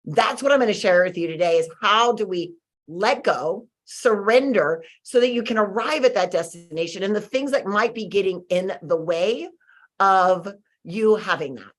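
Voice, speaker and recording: A woman hosting a webinar, telling a personal story in a conversational, animated way, with fillers and restarts, acting out her own frustration. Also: medium pitch, moderate pace. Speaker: webinar host. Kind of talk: motivational storytelling talk.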